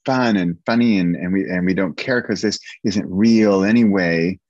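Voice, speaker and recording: A man's voice: deep voice, moderate pace, darkish tone, no echo, muffled recording. A man hosting a podcast, enthusiastic and encouraging, playfully mimicking voices as he talks. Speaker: podcast host. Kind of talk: casual podcast chat.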